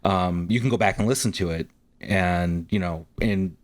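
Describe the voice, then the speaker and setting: A man's voice: sits low, moderate pace. A man guest on a podcast, telling a story casually with many ums and likes. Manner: rambling, frequent ums and likes.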